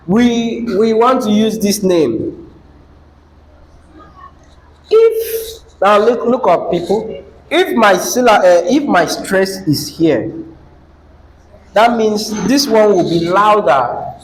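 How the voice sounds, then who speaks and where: A man's voice: high voice, slight background noise, poor audio. A man teaching an English lesson, asking the class questions and repeating key phrases.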